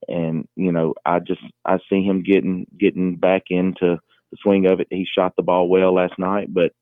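Man, low voice, basketball coach, halting with lots of fillers, phone line, dry sound. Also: flat delivery, no echo. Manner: halting, many fillers and restarts. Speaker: high school basketball coach. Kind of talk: phone interview.

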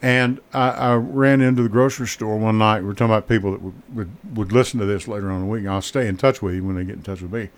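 A man's voice: fairly low pitch, fast, few pauses. A man hosting a radio talk show, telling rambling stories with many restarts and fillers. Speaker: radio host. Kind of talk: casual radio chat.

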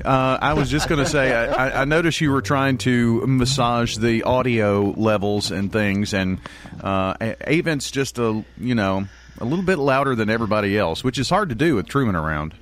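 A man's voice: mid-range voice, normal speed, a bit bright. A man joining the radio show as a sound engineer, speaking in a hesitant, friendly way. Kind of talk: casual on-air chat.

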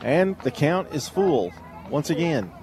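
Guy calling baseball play-by-play, jokey, tells stories between pitches, noisy outdoor sound. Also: very animated, slow pace, a crowd in the background. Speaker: play-by-play announcer. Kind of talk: radio baseball commentary.

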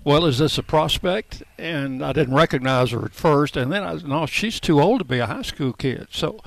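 A man on a radio show telling an anecdote in an animated way. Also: on the high side, moderate pace, vocal fry.

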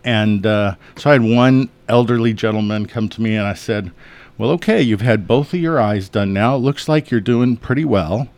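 A man's voice: on the low side, moderate pace, darkish tone. A man, an eye surgeon guest in a radio studio, telling funny patient stories in a folksy, chuckling way. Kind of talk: relaxed anecdotal storytelling.

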